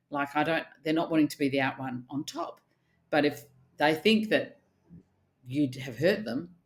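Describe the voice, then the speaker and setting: A middle-aged woman, a therapist speaking in casual podcast chat, animated and blunt, with the odd swear word. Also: low voice. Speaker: archetypal therapist guest.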